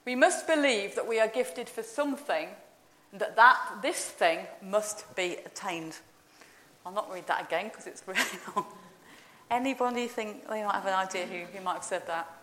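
A woman's voice: medium pitch, normal speed, fairly bright tone, slight background noise. A woman leading an informal all-age talk in a church service, chatty and playful as she quizzes the congregation. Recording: roomy church echo.

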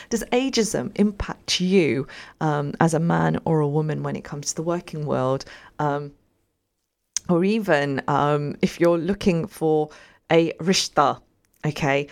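A woman hosts a relaxed radio talk show in a slightly low voice. She chats in a meandering, friendly way and keeps turning to her listeners with questions. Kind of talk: casual radio chat.

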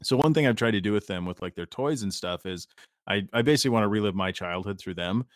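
A man's voice: fairly low pitch, quick pace, no echo, studio quality. A man co-hosting a podcast, rambling through stories in casual chat and swearing lightly. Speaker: podcast co-host.

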